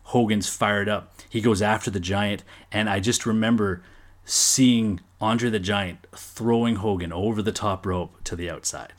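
A middle-aged man telling a story in a casual monologue, animated and swearing freely, now and then acting out loud bursts. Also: fairly low pitch, a little slow. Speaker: storyteller recalling watching wrestling as a kid.

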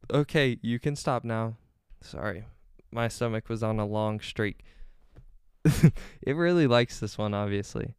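A man's voice: medium pitch, clear, resonant tone, dry recording, studio quality. A young man hosting his own podcast, chatting casually and rambling off on side stories with lots of ums. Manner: rambling, easily sidetracked, frequent ums. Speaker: podcast host. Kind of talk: casual solo podcast chat.

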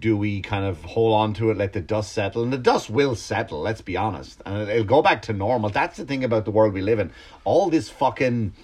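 A male comedian on a podcast ranting in a casual, animated monologue, swearing freely and restarting his sentences. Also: fairly low pitch, fairly quick.

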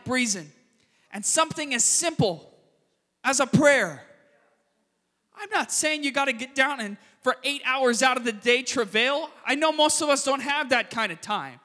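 A male pastor with a very high, bright, forceful voice delivers a lively sermon. He swings from loud, punchy emphasis to hushed quick asides. The sound carries a long church-hall reverb. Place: church sanctuary.

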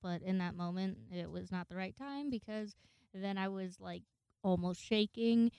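A woman's voice: mid-range voice, normal speed, a little mellow, clear, resonant tone, no room sound. Young woman, casual storytime vlog, rambling, swears a lot, mid-range voice, dry close mic.

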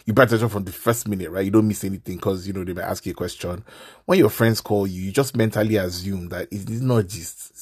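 A man, hosting a casual podcast and ranting in an animated, exasperated way. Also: lowish voice, slightly rough.

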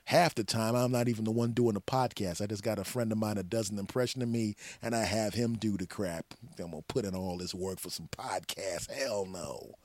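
A man's voice: fairly low pitch, fairly even intonation, brisk, few pauses, a little mellow, no echo. A middle-aged man hosting a comedy podcast, ranting in a mock-arrogant, profane, sarcastic way. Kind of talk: comedic rant sketch.

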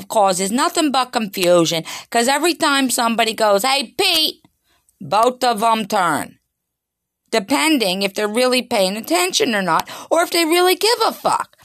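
A woman's voice: a little high, fairly bright tone, no room sound, studio quality. A middle-aged woman telling a crude story in a casual, chatty way, talking straight to her listeners.

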